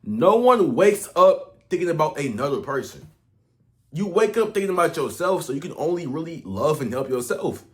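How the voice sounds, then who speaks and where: A young man giving a casual, rambling motivational rant to camera, slangy and profane, with his loudness swinging up and down. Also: fairly high pitch, sing-song, normal speed. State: out of breath. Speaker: online coach.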